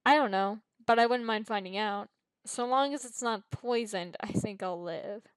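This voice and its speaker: A relaxed young adult with a teasing, unbothered way of talking, as a woman reads the part. The sound is dry and close, with no room echo. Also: mid-range voice, normal speed, clear, resonant tone, lightly acted.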